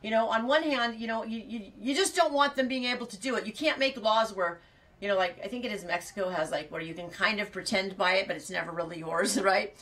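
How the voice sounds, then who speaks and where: A woman's voice: mid-range voice, fairly quick, fairly bright tone, far from the mic. A woman from California chatting casually and rambling as she reads out viewer comments, laughing often. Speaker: farm vlogger reading viewer comments. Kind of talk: casual chat.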